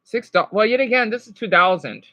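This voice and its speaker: A woman's voice: medium pitch, animated, brisk, pushed and bright, dry recording. A woman in her thirties chatting casually on a live stream, reacting to a video and greeting viewers by name. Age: 30s.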